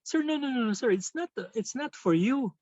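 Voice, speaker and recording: A moved teenage schoolboy pleads and makes earnest promises in a high, lifted voice, as a man puts him on. The sound is dull and lo-fi, with no room echo at all. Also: expressive, moderate pace, darkish tone. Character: emotional teenage boy student, earnest.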